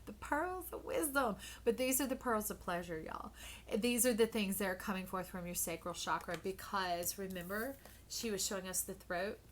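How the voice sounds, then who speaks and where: A woman giving a casual tarot reading to camera, playful and animated, who often drops to a soft whisper and calls her listeners "baby" and "y'all". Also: mid-range voice, normal speed, a little hiss or hum. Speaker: tarot card reader.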